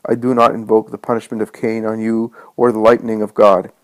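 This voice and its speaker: A man voicing Jesus as a gentle, loving savior, speaking in a solemn, tender way. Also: lowish voice, little pitch movement, brisk, dry recording, natural voice, rough recording.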